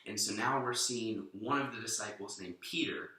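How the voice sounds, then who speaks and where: A man's voice: on the low side, moderate pace, bright, forceful tone, heavy reverb, recorded from a distance, poor audio. A young man giving a short, informal sermon, earnest and often restarting his sentences. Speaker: youth minister.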